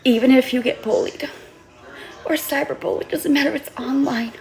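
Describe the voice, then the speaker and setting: A woman vlogging an impassioned, tearful monologue as an author, pleading earnestly and sometimes swearing, with halting restarts. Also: sits high, vocal fry, a little mellow. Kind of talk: emotional vlog monologue.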